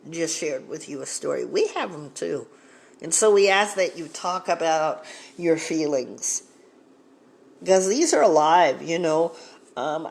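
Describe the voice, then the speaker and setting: A podcast host speaking in a measured, encouraging way, inviting guests to share and reflecting on a personal story. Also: medium pitch. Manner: measured, encouraging, with short backchannels. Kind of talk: casual talk-show hosting.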